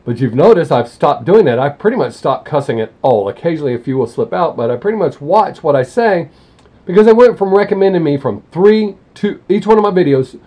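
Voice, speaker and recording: Blunt, rambling man with a husky voice. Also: on the high side, animated, brisk, warm tone. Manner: blunt, rambling, self-correcting. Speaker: music reaction channel host. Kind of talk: casual opinionated talk to camera.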